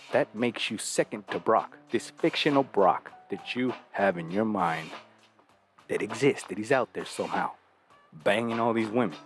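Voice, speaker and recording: A man hosting a talk show, lecturing bluntly and profanely, full of rhetorical questions. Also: fairly low pitch. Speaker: podcast host giving dating advice. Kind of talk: casual talk.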